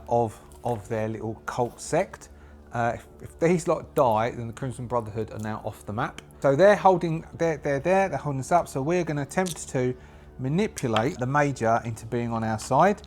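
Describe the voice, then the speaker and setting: Man narrating a solo tabletop game. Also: medium pitch. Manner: rambling, thinking aloud, many fillers and restarts. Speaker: solo game master and player.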